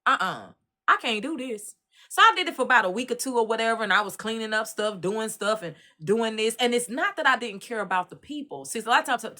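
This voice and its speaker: A middle-aged woman from Dallas with a Texan accent, giving a casual commentary and telling animated stories straight to her listeners. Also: mid-range voice. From Dallas, Texas. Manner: animated storytelling, addresses listeners directly. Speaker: commentary host.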